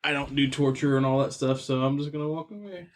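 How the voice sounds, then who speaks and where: A player at a tabletop game, chatting excitedly with swearing and laughter. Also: mid-range voice, quick pace. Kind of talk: casual chat at a tabletop game.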